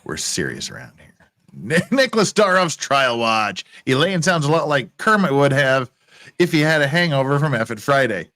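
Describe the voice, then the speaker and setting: Lively, joking male stream host. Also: normal speed. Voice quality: relaxed, low voice today. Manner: joking, banters with guests, jumps between high and low. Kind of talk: casual live-stream chat.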